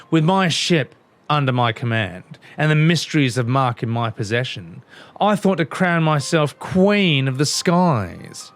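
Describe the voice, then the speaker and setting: A bitter female sky pirate captain , put on by a man, with an Australian accent. She talks in slow, brooding lines that swing widely in pitch and blow up into swearing rants. Faint music plays underneath.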